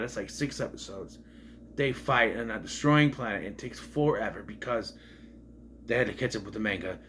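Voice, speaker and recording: A man's voice: mid-range voice, a bit bright, a little hiss or hum. A man talking through an episode in a loose, rambling, casual retrospective. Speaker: show reviewer.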